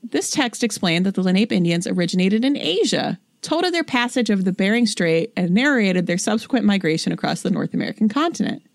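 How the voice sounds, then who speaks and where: A young adult woman co-hosting a casual chat podcast, reading notes aloud in a matter-of-fact way and slowing down on names. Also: mid-range voice, expressive, gravelly, no echo. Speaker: podcast co-host.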